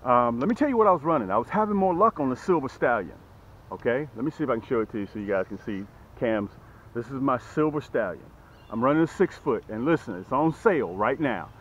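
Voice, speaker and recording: A man hosting a fishing vlog, talking casually to his viewers and calling them "guys". His voice sits in an ordinary middle register, and he gets excitable when the fish bite. Faint outdoor noise hums behind him. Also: medium pitch, quick pace, dull audio. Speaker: fishing vlogger. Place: on a boat outdoors, later in his office.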